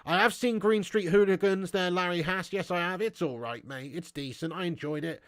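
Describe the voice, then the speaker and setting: Guy on a live stream ranting at the chat, swears a lot, higher voice, dry close sound. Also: moderate pace, fairly bright tone, dry recording.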